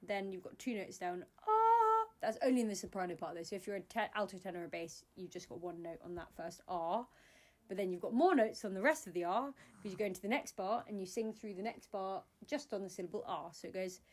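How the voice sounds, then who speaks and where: A woman's voice: medium pitch, quick pace, darkish tone. A woman teaching a singing lesson step by step, explaining patiently with many fillers.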